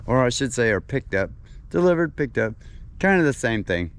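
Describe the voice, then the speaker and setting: A man chatting casually to viewers on his homestead, folksy and quick to laugh. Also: mid-range voice, very animated, smooth. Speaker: homesteading vlogger. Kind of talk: casual vlog chat to camera. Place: outdoors on a rural homestead.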